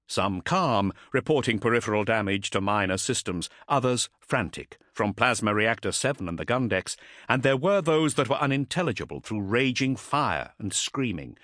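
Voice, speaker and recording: Dry, lively-voiced male narrator. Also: fairly low pitch, no room sound. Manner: dramatic, vivid reading. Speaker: audiobook narrator. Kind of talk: scripted narration.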